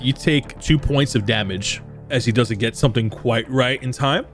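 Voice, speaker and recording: A man's voice: mid-range voice, normal speed, faint music behind. A man narrating a tabletop role-playing game as game master, loose and chatty with frequent fillers.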